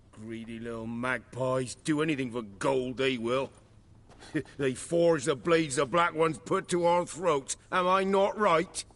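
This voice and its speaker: An actor playing a crude young village drunk and arsonist in a video game, talking in hostile, coarse bluster. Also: male voice, medium pitch, fairly bright tone.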